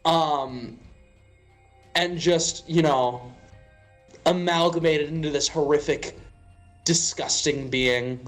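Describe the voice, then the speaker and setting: A young man from Western Pennsylvania hosts a casual stream chat, wandering from point to point with a jokey, rambling flow. His voice sits a bit high. Quiet music plays faintly behind him. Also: takes it slowly, pauses often. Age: young adult. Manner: rambling, joking, fillers.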